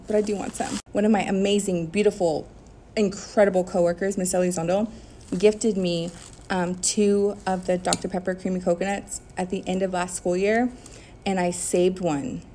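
A woman's voice: lowish voice, fairly even intonation, moderate pace, dark tone, slight background noise. Chatty woman vlogging casually. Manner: chatty, bubbly, giggly. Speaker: teacher and vlogger. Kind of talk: casual chat to camera.

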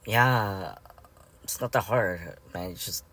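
Out-of-breath man, slow and sighing. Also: on the low side, bright, forceful tone. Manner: breathy, sighing between phrases; joking, offhand. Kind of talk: casual talk to camera.

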